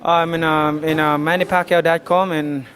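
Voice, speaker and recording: A man from the Philippines answers interview questions as a boxer, pausing often with ums and uhs. His voice is fairly high for a man and stays flat in pitch. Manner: halting, with many fillers.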